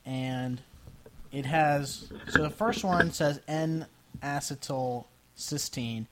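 A man leads a casual review chat in a wry, chatty way. His voice sits at a middle pitch with an everyday tone. He trails off and restarts as he reads out a label.

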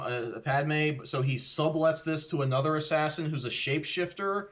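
A man co-hosting a casual podcast, thoughtful but halting, often repeating words as he gathers his thoughts. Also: fairly high pitch. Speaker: podcast co-host. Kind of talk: casual chat.

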